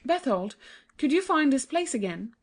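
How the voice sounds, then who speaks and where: A woman voicing a gentle, trusting young princess in a dramatized audiobook, innocent and pleading. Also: high-pitched, big pitch swings, normal speed. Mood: brave.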